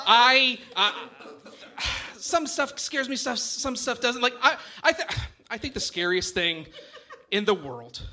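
A man's voice: very high-pitched, animated, a little slow, bright, forceful tone. A young man doing a stand-up comedy set, rambling and self-mocking, laughing at his own jokes. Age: young adult. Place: comedy club stage with live audience. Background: audience laughter.

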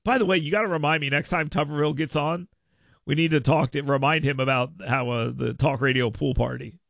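A man's voice: fairly high pitch, a little fast, vocal fry, dry recording, studio quality. A man hosting a talk radio show, telling stories in a casual, joking way. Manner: animated storytelling with laughs and mock voices.

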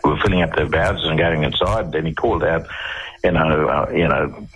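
Deep-voiced, husky Australian male guest, a rambling storyteller for radio talk. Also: fairly even intonation, normal speed, fairly bright tone, poor audio. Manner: long-winded storyteller, voices others in quotes. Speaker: interview guest. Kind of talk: radio interview, telling personal stories.

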